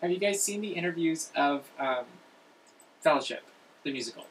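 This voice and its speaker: A man's voice: a little high, lively intonation, normal speed, a bit bright. A man hosting a casual group chat, upbeat and laughing as he prompts the others. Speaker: host. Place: room with several people, screens and a camera. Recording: distant room mic with faint noise.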